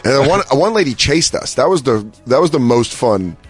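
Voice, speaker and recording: A man in casual conversation with a lively, swooping voice, telling stories and acting out voices and shouts. His pitch sits in the middle and keeps moving. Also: moderate pace, slightly rough, faint music behind. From American. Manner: animated storyteller, acts out voices and shouts. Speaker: podcast co-host. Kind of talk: casual chat.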